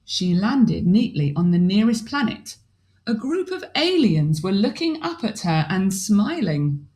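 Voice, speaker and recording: A woman teacher reads a picture book aloud to a class of small children. Her voice moves up and down a lot at an unhurried pace, and she stops to ask the children questions. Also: mid-range voice, very animated, darkish tone.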